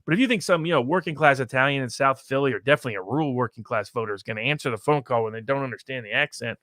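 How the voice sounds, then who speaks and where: A man talks briskly about polling, words tumbling out with many restarts. His voice sits at a middle pitch and sounds close and dry, with no room around it. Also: a bit bright, dry recording. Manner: fast, explanatory, with frequent restarts. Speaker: pollster guest. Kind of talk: casual podcast discussion.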